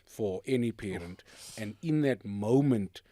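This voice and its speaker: A man's voice: lowish voice, expressive, a little slow, mellow, no echo, studio quality. A man hosting a podcast, talking earnestly in casual chat, telling stories with restarts. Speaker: podcast host.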